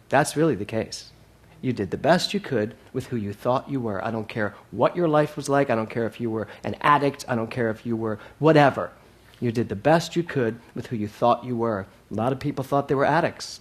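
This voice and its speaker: A man's voice: medium pitch, normal speed. Male minister, mid-range voice, delivering a sermon with emphatic repetition and dynamic swings in volume. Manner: emphatic, repeats key phrases, swings from loud to soft.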